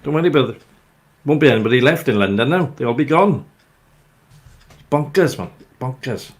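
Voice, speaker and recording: A man's voice: medium pitch, a little mellow. An older man with a Welsh accent, hosting a casual chat and telling rambling, jokey stories. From Wales. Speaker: host.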